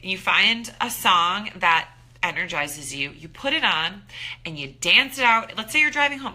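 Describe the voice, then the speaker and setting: A woman in her thirties giving an upbeat, animated motivational talk as a wellness coach, acting out her own thoughts. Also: fairly low pitch, normal speed.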